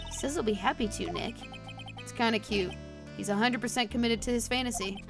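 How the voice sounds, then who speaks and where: A woman's voice: a little high, brisk, gravelly, over music. A woman streamer chatting casually over a game, playful, swearing and laughing in asides. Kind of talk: casual let's-play commentary.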